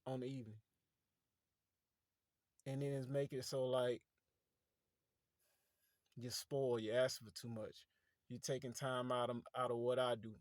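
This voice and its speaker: A man's voice: medium pitch, darkish tone, no echo, studio quality. A man, giving casual motivational talk to viewers from inside his parked car at night, preachy and conversational. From Fort Pierce, Florida. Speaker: motivational vlogger.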